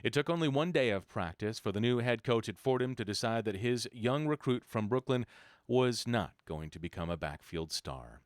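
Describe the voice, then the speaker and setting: A man reading a biography aloud in a measured, even way, now and then correcting himself. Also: mid-range voice, no room sound, clean studio sound. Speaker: reader.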